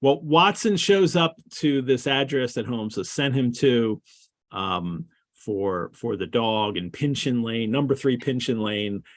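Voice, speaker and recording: Male host, middle pitch, dry close sound, rambling book talk. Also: measured pace, no room sound. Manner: rambling, lots of restarts and fillers. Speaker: podcast host. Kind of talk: casual literary discussion.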